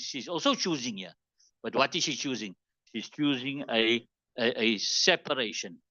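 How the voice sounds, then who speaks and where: Bright-voiced man teaching Islamic law. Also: medium pitch, no room sound, dull audio. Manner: explains text line by line, asks "you understand it?" often; reads Arabic quickly, explains slowly in English. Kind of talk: classroom lesson reading Arabic text.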